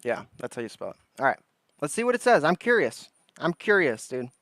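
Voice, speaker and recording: A man's voice: fairly high pitch, fairly quick, no echo. A man hosting a casual livestream, reading text aloud and chatting loosely with his viewers. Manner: reads lists flatly, then chats loosely with viewers. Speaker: livestream host.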